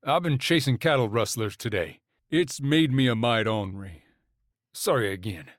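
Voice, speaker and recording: A man's voice: mid-range voice, expressive, moderate pace, no echo, clean studio sound, natural voice. A man voicing a blunt, hot-tempered young male rancher in his late twenties who talks in a brash, accusing way. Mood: sheepish.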